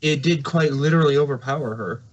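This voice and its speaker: A man's voice: medium pitch, quick pace, muffled recording. A man co-hosting a casual podcast, analytically adding lore details and corrections. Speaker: podcast co-host.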